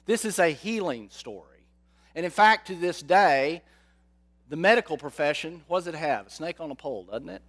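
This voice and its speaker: A man preaching a sermon, slow and dramatic, often asking his listeners rhetorical questions. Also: a little high, lively intonation.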